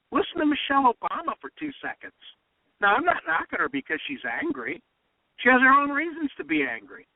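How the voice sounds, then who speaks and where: A man's voice: sits high, no echo. A man hosting a political talk radio show, emphatic and impassioned, often repeating himself. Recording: dry, phone-like radio sound.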